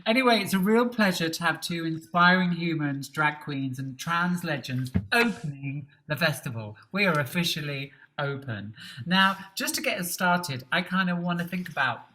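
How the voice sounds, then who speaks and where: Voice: mid-range voice, lively intonation, normal speed, bright, forceful tone. A panel host opening a festival, introducing guests in an effusive, playful way. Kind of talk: live on-stage panel conversation.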